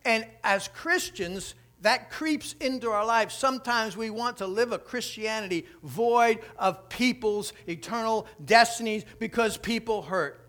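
Bright-voiced man telling a sermon story. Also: high voice, measured pace, hardly any pauses. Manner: animated, conversational storytelling. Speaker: preacher.

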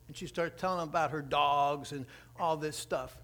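Man, high bright voice, sermon storytelling, animated and conversational. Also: moderate pace. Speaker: preacher.

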